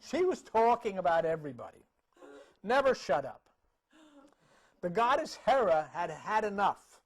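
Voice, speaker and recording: A man with a high, sing-song voice at a moderate pace recounts a myth about the paintings he's pointing to. He keeps it casual and chatty, restarting frequently and laughing a little along the way.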